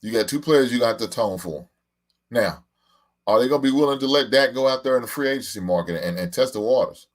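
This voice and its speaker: A man in his forties rambles through a casual live-stream chat, swearing freely and breaking into laughter as he answers viewers. His pitch rises and falls a lot, and he sounds loose and unscripted. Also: expressive, quick pace. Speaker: podcast host.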